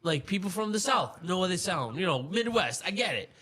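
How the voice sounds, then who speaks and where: A man's voice: high voice, fairly quick, husky. A man, chatting on a podcast, swearing freely as he rants. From Boston. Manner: animated, swears freely, ranting. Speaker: podcast guest. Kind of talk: casual podcast chat.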